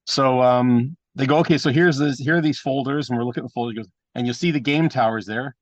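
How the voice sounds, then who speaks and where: Fast-talking, blunt wrestler guest. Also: male voice, mid-range voice, no echo, dull audio. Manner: animated anecdotes with mimicked voices; profane and blunt. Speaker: guest, pro wrestler and trainer. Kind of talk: casual storytelling interview.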